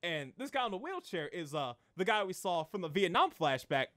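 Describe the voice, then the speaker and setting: A young man talks through an anime recap in a loose, rambling way, full of fillers and restarts. His voice sits a little higher than most men's and swings widely in pitch as he gets excited. He speaks casually throughout. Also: a little fast. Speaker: anime reviewer. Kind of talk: casual spoken review.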